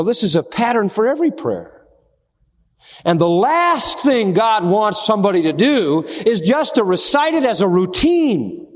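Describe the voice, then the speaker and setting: A man's voice: high-pitched, big-room sound. A man preaching a sermon, posing questions to the congregation and answering them with emphasis.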